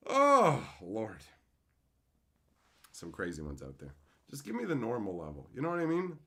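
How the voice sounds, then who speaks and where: A man's voice: medium pitch, normal speed, long pauses. A man hosting a card-opening stream, chatting casually and ranting with lots of swearing. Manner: profane, ranting and animated. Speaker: card-opening show host. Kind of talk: casual livestream chat.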